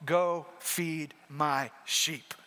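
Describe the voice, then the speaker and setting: A man voicing Jesus as a gentle, solemn teacher who speaks softly, heard in a reverberant hall. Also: high-pitched, fairly quick.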